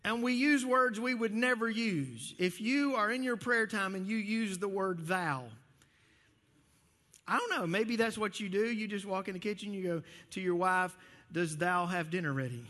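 A man's voice: high-pitched, moderate pace, sharp tone, long reverb tail. A man with a Texas accent preaching a sermon in a folksy storytelling way, full of restarts. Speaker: pastor.

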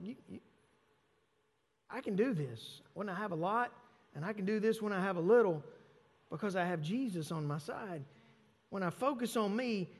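A man preaching a sermon as pastor, emphatic, repeating phrases and leaning hard on key words. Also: sits high. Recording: long reverb of a large hall.

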